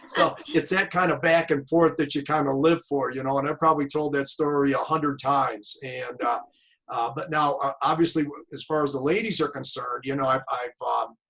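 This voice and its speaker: A man's voice: mid-range voice, fairly even intonation, moderate pace, a bit bright, low-quality recording. Chatty man hosting a coaching interview. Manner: chatty, tells anecdotes. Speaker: host and tennis coach. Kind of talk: casual interview chat.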